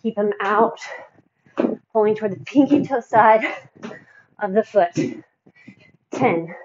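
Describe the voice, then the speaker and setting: Woman fitness coach counting reps, slow and breathy, dull lo-fi sound. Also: medium pitch, a little mellow, slight background noise. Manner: encouraging, counts reps, sighs between exercises. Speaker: fitness instructor. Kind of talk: workout coaching.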